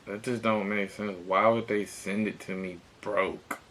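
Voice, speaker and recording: A man's voice: on the low side, level tone, measured pace, a bit bright, slight background noise. A young man ranting in frustration during a casual unboxing vlog, swearing and repeating himself. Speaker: vlogger.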